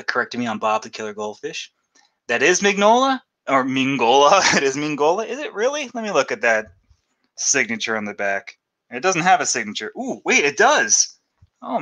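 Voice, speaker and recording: Casting: middle-aged male stream host, bright, forward voice, rambling and excitable, reacts aloud to the chat. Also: mid-range voice. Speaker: YouTube host doing a live unboxing. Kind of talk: casual live-stream chat.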